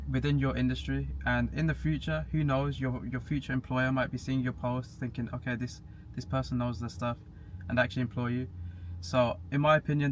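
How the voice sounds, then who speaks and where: A young man chatting casually as a podcast guest, matter-of-fact and laughing at himself now and then. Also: medium pitch. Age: young adult. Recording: faint background hiss.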